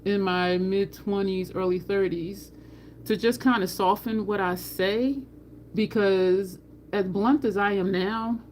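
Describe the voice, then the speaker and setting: A woman's voice: medium pitch, fairly even intonation, takes it slowly, a little mellow, a little hiss or hum. Woman, New Jersey accent, middle-aged, blunt, swears freely, chatty livestream host. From New Jersey, USA. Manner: blunt, candid and profane. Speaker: makeup channel host. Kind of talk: casual livestream chat.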